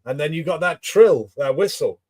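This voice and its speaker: A man as a podcast guest, recounting a field story in a relaxed way and acting out what others said. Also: fairly high pitch, normal speed, no echo. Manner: relaxed anecdote telling, acts out quotes. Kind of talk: casual storytelling chat.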